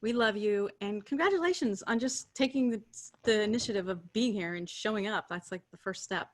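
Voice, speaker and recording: A woman co-hosting a spiritual group call, speaking in a soft, affirming way with many fillers. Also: mid-range voice, brisk. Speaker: co-host.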